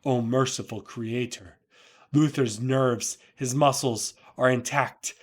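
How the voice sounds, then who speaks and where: A man's voice: medium pitch, steady tone, slow. A man reading as a cold robot villain. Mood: coldly calculating. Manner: formal, menacing pronouncements.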